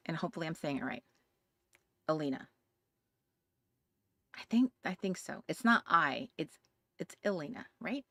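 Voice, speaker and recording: A woman's voice: mid-range voice, fairly bright tone, dry recording, studio quality. A woman hosting a live craft stream, chatting casually and greeting viewers by name, with many fillers. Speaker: craft livestream host. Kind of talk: casual livestream chat.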